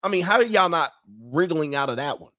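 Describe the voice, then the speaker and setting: A man's voice: a little high, animated, brisk, pushed and bright. Blunt, slangy man hosting a stream. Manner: blunt, slangy, laughs between points. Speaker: livestream host reading viewer comments. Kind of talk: casual opinionated commentary.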